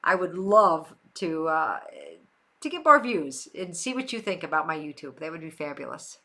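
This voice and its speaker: A woman's voice: deep voice, very animated, normal speed, bright, forceful tone. An older woman from Western New York hosting a livestream, chatting casually with viewers and repeating phrases for emphasis. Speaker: livestream host. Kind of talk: casual chat answering viewers.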